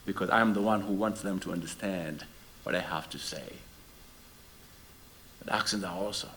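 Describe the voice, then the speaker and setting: Speaking at an even pace in a low voice, this middle-aged man from Senegal talks to a live audience between songs. He's a musician whose first language isn't English, animated and fond of rhetorical questions, with a bit of noise in the background.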